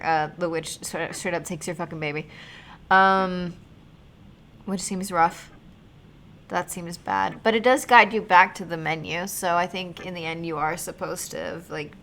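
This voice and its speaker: A woman's voice: fairly low pitch, fairly bright tone, slight background noise. A young woman streamer reading a text game aloud, reacting expressively and swearing freely.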